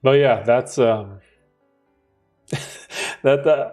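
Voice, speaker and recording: Soft music plays under a young Canadian man's expressive, mid-range, darkish voice as he speaks unhurriedly with long pauses. Hosting a livestream, he chats casually and laid-back, full of slang and laughs, reading comments aloud.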